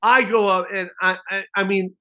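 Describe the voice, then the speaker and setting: Animated, bright-voiced male comedian telling stories. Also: high voice, moderate pace. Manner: animated storyteller, acts out quoted voices, swears, laughs often. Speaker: stand-up comedian guest. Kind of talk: casual storytelling interview.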